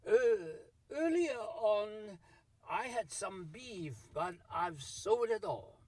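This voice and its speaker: A man's voice: sits high, expressive, drawn-out words, breathy edge, distant mic, pitched above the performer's own voice, full character voice. A man voicing a cautious male village innkeeper who answers hesitantly. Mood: wary.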